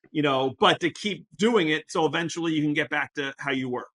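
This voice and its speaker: A male podcast host whose voice sits a little high. He asks long, winding questions, padding them with "you know" and restarts. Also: brisk, hardly any pauses, sharp tone. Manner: rambling, filler-heavy questions. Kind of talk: conversational interview.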